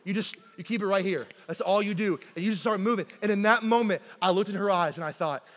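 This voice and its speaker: A man preaching a sermon in a church, telling stories in a lively, conversational way and often asking "right?". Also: high-pitched. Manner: animated conversational storytelling, keeps asking "right?". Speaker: pastor. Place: church sanctuary. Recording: long hall reverb in a church.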